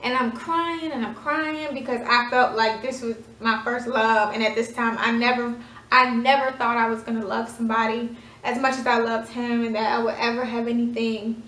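A woman in her twenties, a vlogger, chats dramatically through a casual storytime with lots of fillers. Her voice is a little high and fairly bright, with fairly even intonation at a moderate pace. The recording is in an echoey room, her voice sounding far off.

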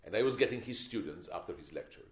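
A man's voice: deep voice, lively intonation, fast talker. An older man giving a film masterclass, opinionated and emphatic, with wry stories. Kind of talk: masterclass lecture. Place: lecture hall. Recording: echoey lecture hall.

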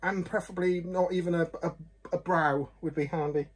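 A man's voice: sits high, fairly even intonation, a little fast, breathy edge. A man reviewing whisky glasses in a chatty, rambling, self-deprecating way, often apologising. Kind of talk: casual chat to camera.

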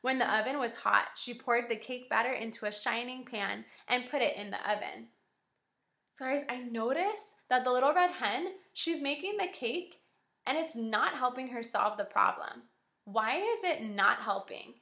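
A woman kindergarten teacher reads a picture book aloud and stops to explain it to her young class. She speaks clearly and encouragingly, taking the story one step at a time. Her voice sits slightly high and sounds very bright. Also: animated, normal speed. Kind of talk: read-aloud lesson for young children.

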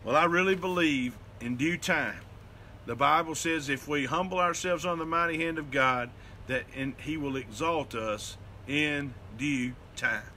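A man's voice: on the high side, measured pace, pushed and bright, slight background noise. A middle-aged man pastor from the Southern United States, giving a devotional sermon in an earnest, folksy way. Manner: earnest, folksy preaching with light laughs.

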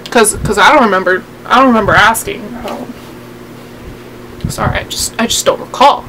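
A young woman in her teens, a vlogger ranting casually to camera in a sassy, rambling way and quickly getting worked up. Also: a little high, lively intonation, fairly bright tone, slight background noise, rough recording.

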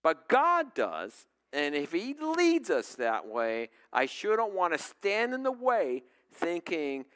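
Male pastor, middle-aged, conversational storyteller, animated and higher-pitched delivery. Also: slow, hardly any pauses. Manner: storytelling, conversational, asks the congregation questions. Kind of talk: sermon.

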